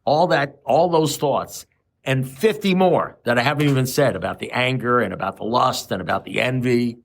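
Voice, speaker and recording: A man's voice: medium pitch, moderate pace, creaky. A man in his seventies giving a blunt, profane talk at a recovery meeting, firing off repeated rhetorical questions. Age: 70s. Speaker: AA speaker.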